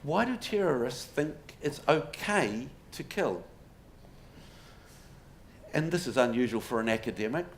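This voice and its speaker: A man's voice: medium pitch, lively intonation, a little slow, pauses often. A man giving a public talk to a live audience in a pub, telling stories with wry humour and rhetorical questions. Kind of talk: public lecture. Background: audience laughter, faint room noise.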